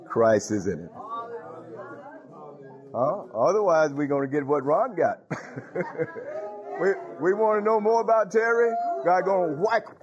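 A man preaching a sermon, laughing often and calling out to the congregation. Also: fairly high pitch. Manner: animated preaching with frequent laughs and call-outs. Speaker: pastor. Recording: dull lo-fi sound.

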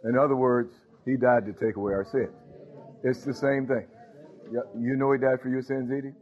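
A male pastor giving a sermon, halting with fillers, then building to emphatic points. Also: medium pitch, steady tone. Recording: tinny phone-like audio.

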